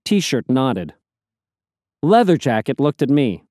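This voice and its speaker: A man narrating an audiobook in a measured storytelling manner. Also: medium pitch, sing-song, darkish tone, dry recording, studio quality. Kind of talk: scripted narration.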